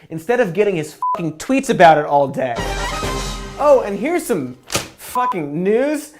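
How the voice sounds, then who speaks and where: Sarcastic woman doing comedic news rants. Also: mid-range voice. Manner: sarcastic, profane, exasperated.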